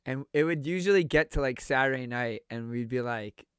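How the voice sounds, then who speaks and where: A young man telling a funny story in casual chat, animated and full of filler words, often acting out quotes. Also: medium pitch, a little fast, clean tone, no room sound, clean studio sound.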